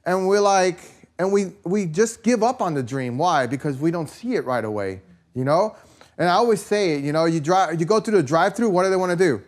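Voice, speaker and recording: A man with a high voice and lively intonation preaches a little fast, in a loose, storytelling way. His conversational sermon is packed with rhetorical questions and constant "you know" and "right?" tossed to listeners.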